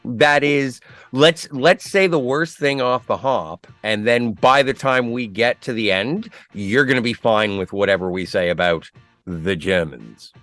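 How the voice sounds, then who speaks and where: A man's voice: mid-range voice, measured pace, a bit bright, no echo, soft background music. A man who is a guest on a podcast, sharing trivia in a dry, matter-of-fact way. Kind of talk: casual film chat.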